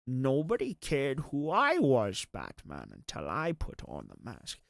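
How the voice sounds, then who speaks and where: A man putting on a deep, muffled, menacing Bane. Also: huge pitch swings, vocal fry, dry recording, studio quality, exaggerated voice. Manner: slow, dramatic, theatrical delivery. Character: menacing masked male villain, slow and grave.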